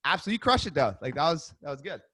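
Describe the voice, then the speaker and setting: Upbeat guy coaching sales calls over video, a bit higher voice, dry sound. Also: very animated, bright, forceful tone, husky, dry recording. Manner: upbeat, conversational, rapid restarts. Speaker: real estate sales coach. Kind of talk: sales coaching and call role-play.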